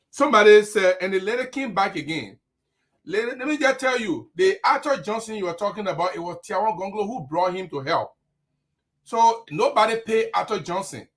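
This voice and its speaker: A man hosts a live online talk show in a fairly high voice. He leans hard on every point and speaks with deliberate emphasis. He sounds middle-aged. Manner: emphatic, forceful delivery.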